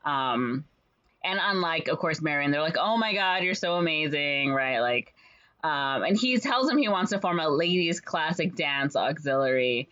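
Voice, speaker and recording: Woman, casual podcast chatter, lowish pitch, muffled lo-fi sound, playful character voices. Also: moderate pace. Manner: animated retelling with frequent fillers and playful put-on voices. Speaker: podcast co-host retelling a musical. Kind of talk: casual chat.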